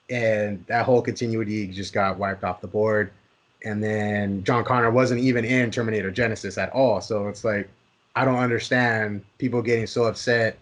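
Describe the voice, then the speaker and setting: A man co-hosting a podcast, chatting casually about movies, often restarting his words and acting out reactions. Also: medium pitch. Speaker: podcast co-host.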